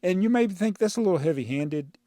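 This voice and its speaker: A man with a somewhat high voice chats casually as a channel host, rambling and laughing as he works through viewer comments. He gets exasperated easily. He is close on a clip-on mic, and the sound is dry with no room echo. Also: expressive, a little fast, warm tone. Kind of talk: casual chat. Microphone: clip-on mic inside a brick-built housing.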